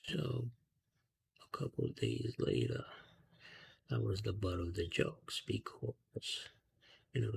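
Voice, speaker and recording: A man softly telling a rambling story in a half-whispered ASMR style, talking casually with slang and fillers, outdoors at night on a close mic. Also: lowish voice, gravelly. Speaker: ASMR channel host. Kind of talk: ASMR storytelling while coloring.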